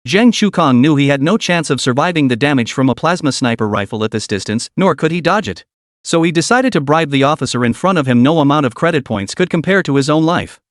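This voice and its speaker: Lively, dry-voiced male narrator. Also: on the high side, quick pace, no echo. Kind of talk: scripted audiobook narration.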